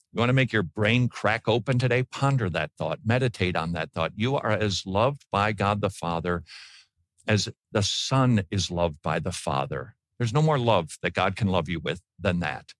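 A man preaching a sermon to a congregation, emphatic, swinging between quiet, close passages and loud declarations. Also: medium pitch, no echo. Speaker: pastor. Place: church congregation.

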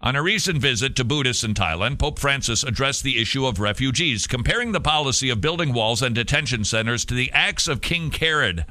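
At a medium pitch, this male talk radio host has a strikingly bright, forward voice as he reads the news aloud. He interrupts with animated, sarcastic comments, laughs easily, and keeps up a lively, mocking tone throughout.

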